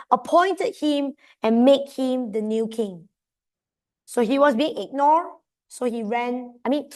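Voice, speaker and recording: A woman with a Malaysian English accent tutoring a history revision class, chatty and animated, quizzing her students. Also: high-pitched. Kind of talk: exam revision lesson.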